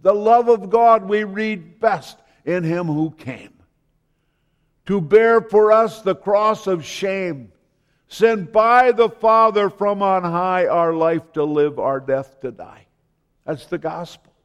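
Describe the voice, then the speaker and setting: A man preaching a slow, dramatic sermon as pastor, quoting scripture and hymns. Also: high voice, clean tone, in a large hall, highs cut off.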